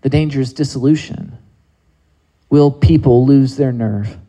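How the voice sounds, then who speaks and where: A man's voice: medium pitch, measured pace, warm tone, poor audio. A man preaching a sermon in a conversational way, with many rhetorical questions to his listeners.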